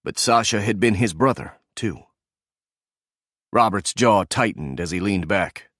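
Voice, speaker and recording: Low-voiced male audiobook narrator. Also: a little slow, fairly bright tone, dry recording, clean studio sound.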